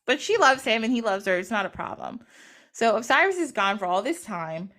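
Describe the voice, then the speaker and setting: Podcast lady telling a myth, animated, giggly, acts out everyone. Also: fairly high pitch, fairly quick. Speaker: podcast host. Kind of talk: casual storytelling.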